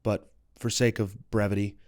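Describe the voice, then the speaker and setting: A man's voice: fairly low pitch, flat delivery, moderate pace, darkish tone, no room sound, studio quality. A man in his twenties, a podcast guest, telling a personal story in an open, heartfelt and reflective way. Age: 20s.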